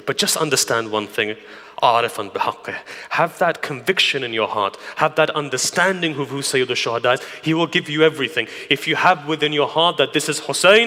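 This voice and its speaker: A man preaching a sermon through stories, dropping to hushed whispers and then rising to loud emphasis. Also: a little high, fast. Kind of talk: sermon storytelling. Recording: long hall reverb.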